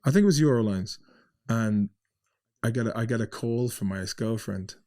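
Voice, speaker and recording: Irish man, guest, animated yarn-teller, mid pitch. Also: normal speed. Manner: swearing, animated anecdotes. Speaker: podcast guest. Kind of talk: casual storytelling.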